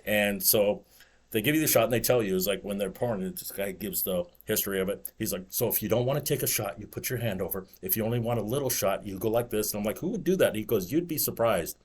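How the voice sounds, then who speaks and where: Fast-talking rambling male podcast host. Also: on the low side. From United States. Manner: rambling storyteller, lots of "it's like" and laughing asides. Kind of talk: casual chat.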